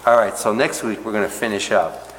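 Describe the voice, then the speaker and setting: A man preaching an expository sermon as a pastor. He talks conversationally, often checking in with "right?" and "okay?", and drops to soft, hushed tones on tender points. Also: fairly low pitch, brisk. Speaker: pastor teaching a Bible study. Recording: roomy hall reverb with faint background noise.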